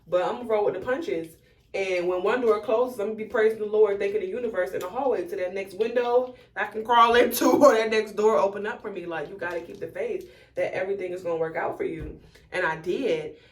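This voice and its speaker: A woman's voice: medium pitch, fairly quick. A woman chatting candidly and profanely to her viewers while styling a wig, recorded on a phone camera. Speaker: beauty vlogger. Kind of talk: casual chit-chat while styling a wig.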